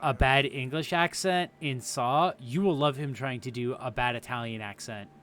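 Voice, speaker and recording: A young man streams a game, chatting in a loose, rambling way, swearing freely and breaking into laughter. His voice sits at a middling pitch for a man. A faint hiss of noise runs under the recording. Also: moderate pace, a bit bright. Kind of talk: casual live game commentary.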